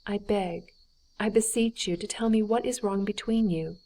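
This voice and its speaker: A woman's voice: medium pitch, fairly even intonation, moderate pace, warm tone, natural voice. A woman voicing a distressed noblewoman pleading for her friend in an audiobook, earnest and lifted in tone. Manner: earnest, pleading, raised and tearful. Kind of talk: audiobook character reading.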